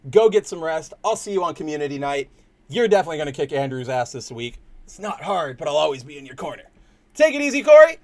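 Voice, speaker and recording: This stream host is a young man with a Californian accent and a slightly high, darkish voice who talks fast. He rambles to his chat in a loose, slangy way.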